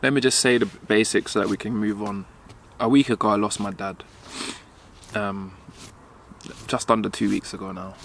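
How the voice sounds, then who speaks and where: A young man vlogging while walking outdoors, speaking haltingly as he holds back tears, with many pauses and fillers. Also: on the low side, vocal fry, a bit bright, slight background noise. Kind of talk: emotional personal vlog.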